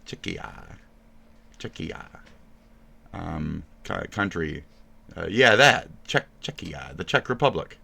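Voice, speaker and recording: A man's voice: low-pitched, lively intonation, measured pace, vocal fry, pushed and bright, a little hiss or hum. A man streaming live, ranting and mocking with crude swearing in casual reaction talk.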